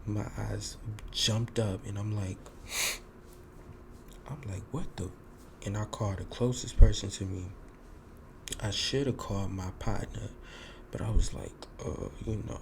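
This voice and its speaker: Deep-voiced man telling a story, noisy. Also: creaky. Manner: animated, acts out quoted lines, swears. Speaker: podcast host. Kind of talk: casual storytelling monologue.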